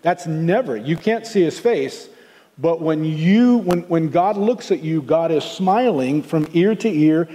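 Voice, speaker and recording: A man's voice: on the high side, lively intonation, measured pace, dark tone, big-room sound. An older man from the American South with a Southern accent, preaching a sermon in an earnest, conversational way. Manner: conversational, earnest, with many restarts. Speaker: pastor.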